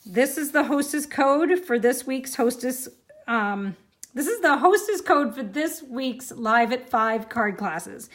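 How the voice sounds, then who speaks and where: A woman's voice: high voice, animated, slow pace. A woman hosting a live-streamed card-making class, chatty and reacting to viewer comments as she works.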